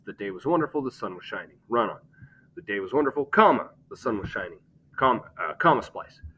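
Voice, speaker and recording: A man's voice: mid-range voice, a bit bright, dull audio, slight background noise. A man teaching a grammar lesson, explaining step by step and checking in with "okay?".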